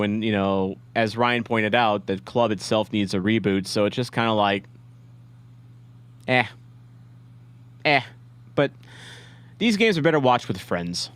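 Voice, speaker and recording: A man's voice: lowish voice, fairly bright tone, clean tone, no room sound. Rambling man hosting a dry live stream. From St. Louis, USA. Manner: rambling, self-deprecating, frequent restarts and uh's. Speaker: livestream watch-along host. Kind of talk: casual live-stream chat reading viewer comments.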